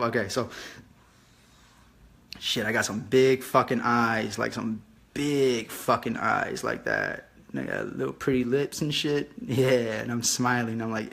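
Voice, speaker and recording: A man's voice: medium pitch, gravelly, a bit bright. A young man casually explaining a real estate deal, loose and profane as he sketches it out. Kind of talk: casual whiteboard tutorial.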